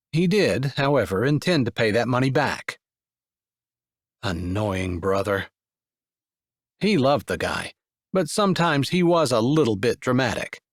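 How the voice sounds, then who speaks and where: A man reading a sweet romance audiobook aloud in an expressive narrating style. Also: mid-range voice, no room sound, clean studio sound. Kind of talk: scripted narration.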